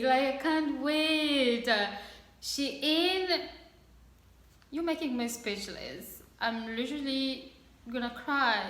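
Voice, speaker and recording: A bubbly young woman from Congo chats her way through an unboxing, gushing and laughing often. Her voice is bright and fairly high, and she talks slowly. She is recorded in an echoey room. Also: expressive. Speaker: vlogger. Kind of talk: casual unboxing chat.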